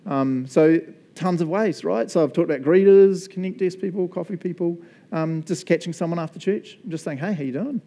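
Mellow-voiced New Zealand preacher, chatty. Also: male voice, on the high side, normal speed. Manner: chatty, jokey, animated storyteller. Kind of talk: casual sermon with storytelling.

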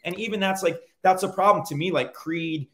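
A man talking as a guest on a casual podcast, relaxed and conversational, with frequent fillers. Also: sits high, fairly quick.

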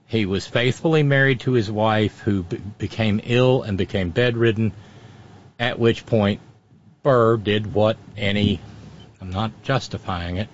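A man's voice: lowish voice, unhurried, muffled recording, slight background noise. Wry man telling history on talk radio. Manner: wry storyteller, frequent restarts. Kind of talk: radio talk show commentary.

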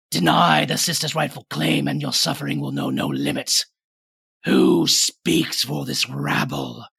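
A man voicing an imposing, menacing undead general in a tabletop game, speaking slowly and with command. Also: creaky, fairly bright tone, slightly rough, no echo, clean studio sound, full character voice. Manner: slow, deep, commanding menace.

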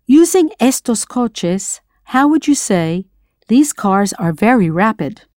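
A scripted audio lesson features a patient, encouraging American woman teaching a language and asking the listener to answer. Her voice is sing-song, slow, a little mellow and sits at a middle pitch. It's a dry recording, close with no room around it.

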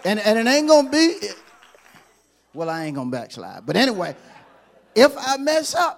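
Male bishop, high gravelly voice, fiery call-and-response sermon. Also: big pitch swings, normal speed, pauses often, slight background noise. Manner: fiery call-and-response preaching, swinging from hushed to shouting. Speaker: bishop preaching.

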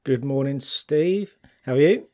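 A man's voice: medium pitch, a little slow, a little mellow. A man co-hosting a casual podcast, friendly and a little hesitant, full of small fillers as he talks. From United Kingdom. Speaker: podcast co-host.

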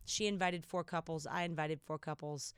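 A woman poet guest talking casually on a podcast, telling stories in an animated way and laughing easily. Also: low-pitched, normal speed, smooth, dry recording, clean studio sound. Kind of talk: casual conversation with poetry reading.

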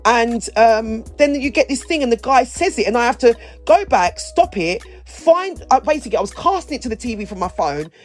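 A woman's voice: on the high side, animated, normal speed, few pauses, faint music behind. A woman co-hosting a podcast, chatting casually and rambling, with lots of restarts. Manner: rambling, restarts sentences, playful. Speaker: podcast co-host. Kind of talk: casual chat.

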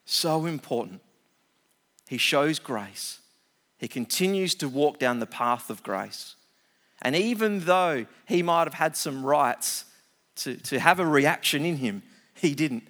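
A middle-aged man, preaching a sermon, reading scripture aloud and explaining it with animated asides. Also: a little high, slow. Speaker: pastor.

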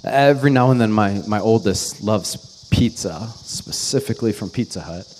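A man's voice: lowish voice, animated, moderate pace, darkish tone, slight background noise. A man in his thirties, a pastor, delivering a sermon as an earnest, conversational story.

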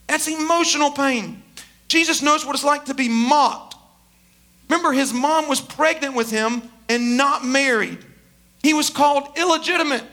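A male preacher delivers a sermon with animated, emphatic storytelling. His voice sits very high and sounds bright. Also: normal speed.

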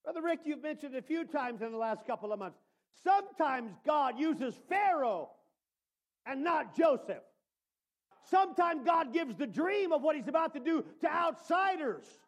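A male preacher giving a sermon, calling out to listeners by name and swinging from hushed asides to shouted emphasis. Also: very high-pitched, lively intonation, moderate pace. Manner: addresses listeners by name as brother.

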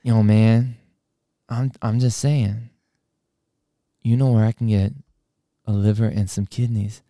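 A man's voice: fairly low pitch, fairly even intonation, slow pace, warm tone, no room sound, studio quality. A man doing a drawling stoned stranger. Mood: pleading. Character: stoned adult man, bloodshot, pushy and pleading.

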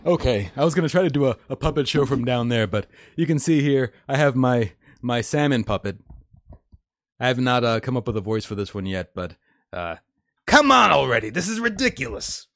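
A man's voice: mid-range voice, a little fast, dry recording, clean studio sound. A man hosting a live stream, reading and commenting on news articles in an opinionated, rambling way, laughing often.

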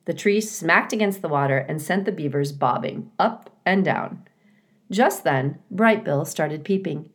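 A woman teacher reads a storybook aloud in a calm, clear, measured way. Her voice sits fairly low, and she takes her time with each sentence.

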